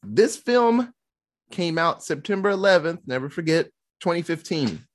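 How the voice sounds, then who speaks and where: Lively joking podcast host. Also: mid-range voice, normal speed. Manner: jokey, acts out quotes, swears freely. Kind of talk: casual movie-review chat.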